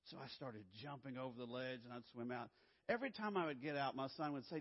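A man telling a personal story to an audience, dramatic and swinging from loud to hushed. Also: mid-range voice, quick pace. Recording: dull, echoey hall recording.

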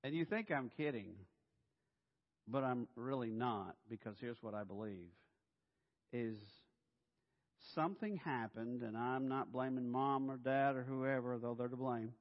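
A middle-aged man, a pastor, preaching a sermon in an animated, humorous way and acting out voices. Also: medium pitch, measured pace. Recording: dull sound in a reverberant hall.

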